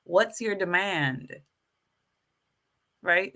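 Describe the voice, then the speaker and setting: A woman's voice: a little high, unhurried. A woman hosting a casual live stream, addressing her viewers as folks and getting more and more fired up as she preaches. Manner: animated, preachy, hypes herself up. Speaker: YouTube live stream host.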